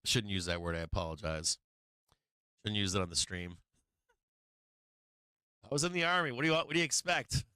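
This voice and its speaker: Chatty, bright-voiced man hosting a stream. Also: fairly low pitch, expressive, fairly quick, long pauses, smooth, no room sound. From Boston, USA. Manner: rambling, laughs often, self-deprecating. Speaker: live-stream market show host. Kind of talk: casual chat. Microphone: streaming microphone on an arm.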